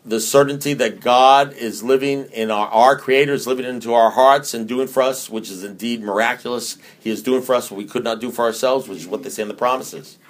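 A man speaks to a group about staying sober in an earthy, emphatic way. He circles back and repeats phrases to drive each point home. His voice sits at an everyday middle pitch. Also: fairly even intonation, brisk, few pauses. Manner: conversational, repetitive, earthy and emphatic. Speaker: recovery meeting speaker. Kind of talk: recovery talk to a group.

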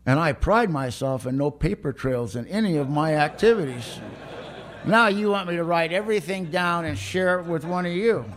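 A man's voice: on the high side, animated, normal speed. A man giving a blunt, streetwise personal testimony at a recovery meeting, often laughing as he talks.

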